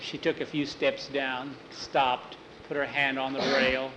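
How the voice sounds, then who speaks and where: A man's voice: medium pitch, level tone, measured pace, hardly any pauses, bright, forceful tone, poor audio. Homespun male storyteller, faint hiss. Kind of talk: told western story with voices.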